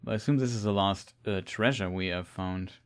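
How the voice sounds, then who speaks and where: A man with a lowish voice commenting casually on a game as he plays it. He thinks aloud, trailing off and searching for words with frequent fillers. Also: fairly quick. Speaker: streamer.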